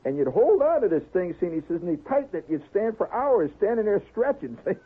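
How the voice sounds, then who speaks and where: A man's voice: high voice, very animated, fast talker, breathy edge. A man telling a long comic story in a rambling way, peppered with "you know" and "see?", as a radio storyteller. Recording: tinny old radio broadcast.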